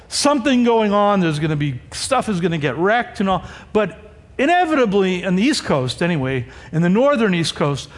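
A man with a high, lively voice preaches a sermon in a church sanctuary. He talks conversationally and keeps turning to the congregation with quick asides. His voice rings with a long hall reverb. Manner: animated, conversational preaching with frequent rhetorical asides. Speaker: pastor.

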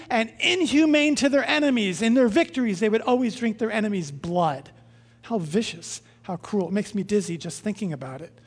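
A pastor preaching a sermon in an emphatic way, with pitch and loudness rising and dropping for stress. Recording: long reverb of a large hall.

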